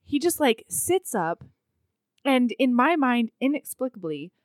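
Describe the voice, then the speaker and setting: A woman co-hosting a podcast, casually recapping a book in a playful, animated way. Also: high-pitched, unhurried, no echo, clean studio sound. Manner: animated, laughs often, playful. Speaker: podcast co-host.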